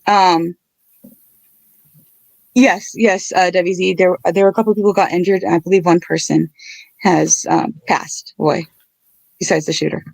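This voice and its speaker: A woman hosting a casual livestream, talking in an earnest, halting and apologetic way. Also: fairly low pitch, steady tone, gravelly, darkish tone, no echo. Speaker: livestream host.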